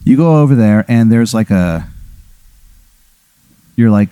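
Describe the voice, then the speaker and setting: Guy rambling thru a made-up funny story, doing the other people's lines, warm low-ish voice, dry mic. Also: lively intonation, normal speed, long pauses, smooth, no room sound. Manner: rambling, acts out other characters' quotes. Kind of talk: improvised comedic storytelling.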